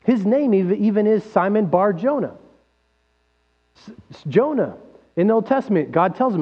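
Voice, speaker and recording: A man with a high voice preaches a sermon, lively and full of rhetorical questions. His voice rings through a large hall with a long reverb. The recording sounds dull and lo-fi, with a faint mains hum underneath. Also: normal speed, pauses often, breathy edge. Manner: animated, acts out quoted voices, rhetorical questions. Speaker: pastor.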